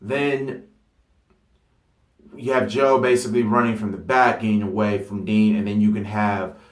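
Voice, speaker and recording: A man talking casually and excitably about a wrestling storyline, rambling with fillers and stopping to correct himself. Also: on the low side, normal speed. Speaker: wrestling fantasy-booking vlogger. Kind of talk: casual unscripted monologue. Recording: roomy echo.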